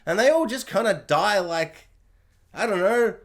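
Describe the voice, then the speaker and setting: Male TV reviewer with a high voice. Casual, rambling and sarcastic. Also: expressive, a little slow. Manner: rambling and sarcastic, slips into silly mock voices.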